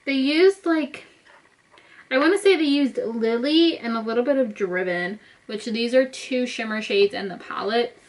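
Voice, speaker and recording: A young woman with a fairly high voice, chatting casually to her viewers. She talks through each makeup step as she goes, easygoing and conversational. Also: unhurried, poor audio. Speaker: beauty vlogger. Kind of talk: casual makeup tutorial talk.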